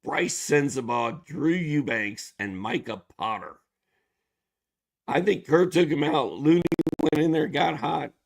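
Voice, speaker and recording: A man's voice: on the high side, measured pace, creaky. A man co-hosting a fantasy basketball show, giving laid-back, matter-of-fact analysis in casual chat.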